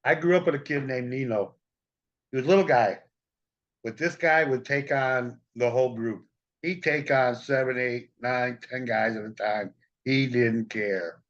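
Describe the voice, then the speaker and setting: A man's voice: medium pitch, unhurried, lo-fi sound. A man co-hosting a casual live chat, joking around and laughing often. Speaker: co-host.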